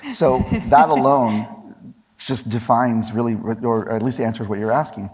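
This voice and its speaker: A man's voice: mid-range voice, a little slow, husky. A man on a conference panel, explaining eagerly with examples and asking "right?". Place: large conference hall. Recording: long reverb of a large conference hall.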